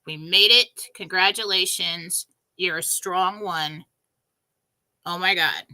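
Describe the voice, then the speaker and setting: A woman hosting a show, telling a spiritual story in an emphatic, breathless, animated way. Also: on the low side, takes it slowly, poor audio. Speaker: show host.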